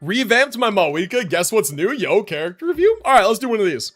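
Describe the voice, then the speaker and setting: A young man streaming a game, talking casually and excitedly, often laughing and swearing. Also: sits high, normal speed, vocal fry, hardly any pauses, faint music behind. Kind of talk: casual livestream commentary.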